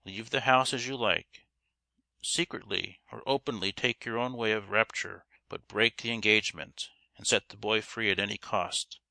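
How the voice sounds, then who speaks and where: A man voicing a stern, resolute young gentleman in a storybook reading. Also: lowish voice, vocal fry, dry recording, exaggerated voice. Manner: stern, firm.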